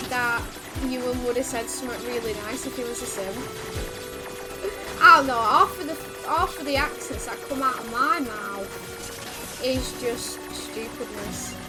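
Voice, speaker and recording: High-voiced chatty woman streamer. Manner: chatty, laughs often, talks to chat. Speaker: game streamer. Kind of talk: casual let's-play commentary.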